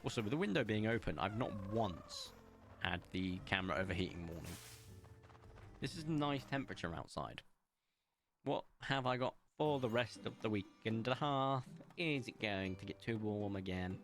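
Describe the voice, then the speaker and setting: With faint music behind him, a young man games on stream in a room at home, the window open. He chats with his audience and mocks himself, his voice on the low side with a sing-song lilt at a moderate pace.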